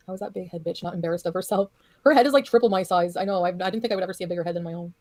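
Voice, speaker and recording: A woman's voice: on the low side, very fast, darkish tone, dry recording. A woman livestreamer ranting in casual chat, blunt, profane and dismissive.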